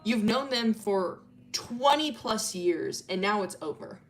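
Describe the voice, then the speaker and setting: A woman's voice: medium pitch, lively intonation, measured pace. A woman streamer casually retelling a story, rambling and swearing, with lots of fillers and slang.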